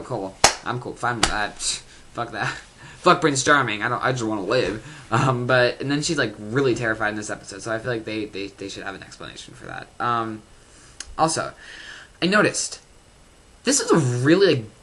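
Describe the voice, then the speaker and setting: A young fan records a casual vlog review. The voice is bright and forceful, the talk excited and rambling, packed with fillers and little laughs. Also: mid-range voice.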